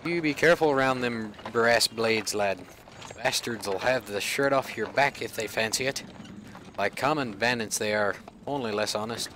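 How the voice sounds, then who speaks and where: A man's voice: medium pitch, normal speed, pushed and bright, a little hiss or hum, close to an everyday voice. A man doing a chatty old peddler with a put-on brogue. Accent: put-on Scottish-like rural brogue. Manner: folksy, rambling, friendly. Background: game music.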